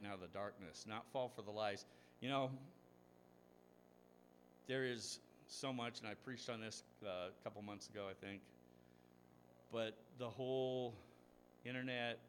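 A male pastor delivers a sermon in a mid-pitched voice, building to loud emphatic peaks and dropping low for asides. He tells stories and poses rhetorical questions to the congregation. A faint noise sits under the recording. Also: fairly even intonation, measured pace. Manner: storytelling preacher, voice rising with emphasis, rhetorical questions.

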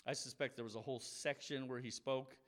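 A man's voice: medium pitch, steady tone, a little fast, a bit bright. Man giving a casual Bible teaching. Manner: casual, explanatory, acts out quoted voices. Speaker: preacher.

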